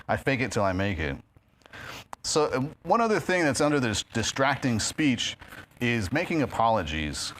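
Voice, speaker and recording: Over slight background noise, a New York man with a fairly low, slightly bright voice and a New York accent gives a casual guest talk to a live audience at a spiritist center's meeting hall. Using a handheld or stand microphone, he chats along with many fillers and laughs at his own jokes.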